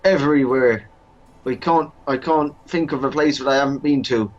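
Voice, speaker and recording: A man's voice: medium pitch, normal speed, dull audio, natural voice. Man doing a stammering servant. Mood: eager. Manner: stammering, deferential, tipsy. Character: bumbling dim-witted male servant.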